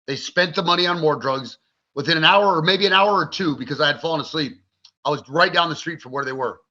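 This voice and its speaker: Blunt, profane and vivid, a man in his forties recounts his story as a podcast guest in candid interview style. His voice is a little high and sharp, his pace quick, and the recording dull and lo-fi.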